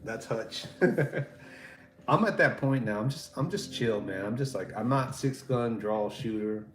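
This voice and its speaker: At an unhurried pace, a man with a medium-pitched, lively voice hosts a livestream, addressing viewers in a meandering, easygoing, profane chat. The audio carries a roomy echo and faint background music.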